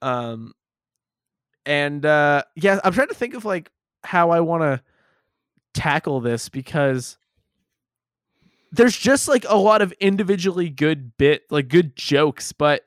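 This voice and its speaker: A man's voice: on the high side, dry recording, studio quality. A man co-hosting a casual movie review chat who jokes and laughs a lot. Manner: animated, laughs often, jokey asides. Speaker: podcast co-host.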